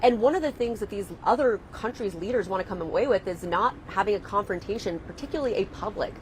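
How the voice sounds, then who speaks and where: A woman correspondent giving a steady live news report. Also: medium pitch, quick pace, background noise.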